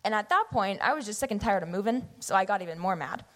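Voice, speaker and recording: A young woman in her late teens from the US Pacific Northwest, giving an earnest, animated personal testimony into a church microphone. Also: medium pitch, fast talker. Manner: earnest, animated, acts out her past self in quotes. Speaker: youth member giving testimony. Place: church sanctuary. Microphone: microphone at a pulpit or stage.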